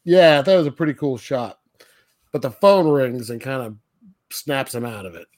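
A man's voice: mid-range voice, animated, moderate pace, a little mellow. Chatty laughing man recapping a film. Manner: laughs often, loose retelling with many fillers. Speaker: podcast co-host. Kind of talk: casual movie discussion.

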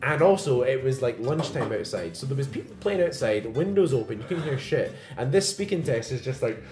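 A man's voice: mid-range voice, expressive, brisk. A young man and podcast co-host, telling a rambling story in casual, tipsy banter with lots of laughing. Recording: roomy echo, music behind.

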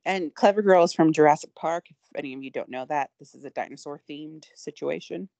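A woman's voice: low voice, a little fast, gravelly, warm tone, dry recording. A woman co-hosting a podcast in casual chat, rambling and self-deprecating with frequent giggles. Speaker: podcast co-host.

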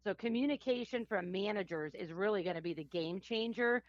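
A woman's voice: mid-range voice, a little fast, no room sound. Brief: woman guest expert, earnest and explanatory, dry, dull lo-fi remote sound. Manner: earnest and explanatory, with thinking fillers. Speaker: guest, HR professional. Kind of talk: interview answers.

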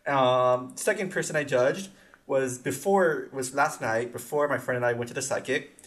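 A man's voice: mid-range voice, moderate pace. A young man from the Los Angeles area, co-hosting a podcast and telling stories in casual chat, acting out the quotes. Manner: animated storytelling, acting out quotes. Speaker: podcast co-host.

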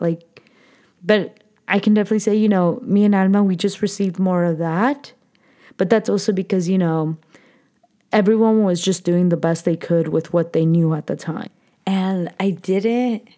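A woman's voice: medium pitch, mellow. A young adult woman hosting a podcast, talking earnestly and emotionally in a casual monologue, with many fillers and restarts. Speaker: podcast host.

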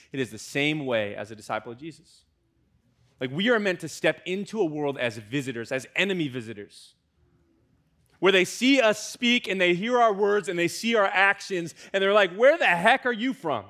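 Animated young American man preaching. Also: on the high side. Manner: conversational, animated preaching with fillers and audience asides. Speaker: student pastor. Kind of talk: sermon.

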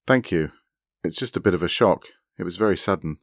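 A man's voice: low-pitched, brisk, no echo, studio quality. A man reading aloud and voicing a shy, matter-of-fact woman in an online chat. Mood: mild.

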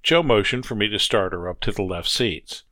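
Man, audiobook narrator, first-person story, measured, reflective, low voice, dry recording. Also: fairly bright tone, no echo.

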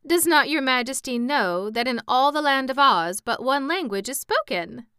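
A woman's voice: high-pitched, expressive, moderate pace, bright, forceful tone, clear, resonant tone, dry recording, clean studio sound, pitched above the performer's own voice. A woman voicing a teasing, mischievous young girl interpreter in a storybook reading. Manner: teasing and playful.

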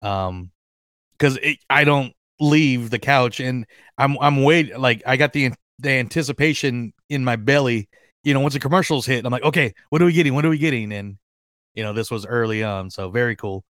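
A man hosting a fan podcast in casual chat, excitable and rambling, with lots of fillers and restarts. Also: medium pitch, normal speed, dry recording, clean studio sound. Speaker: podcast host.

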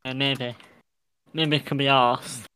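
Sarcastic man, slow drawl, casual podcast. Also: mid-range voice, level tone, pushed and bright, clear, resonant tone. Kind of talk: crude casual podcast banter.

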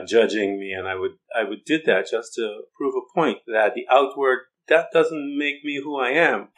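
Low-voiced man preaching an informal sermon. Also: fairly bright tone, poor audio. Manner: rambling, repeats words, acts out quoted voices.

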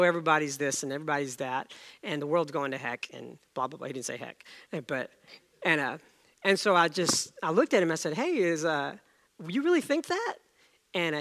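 A middle-aged male preacher delivering a sermon through a personal story. His voice sits a little high for a man, with a bright, forceful tone and a gravelly rasp. He acts out the dialogue with animated shifts as he tells it. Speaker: pastor.

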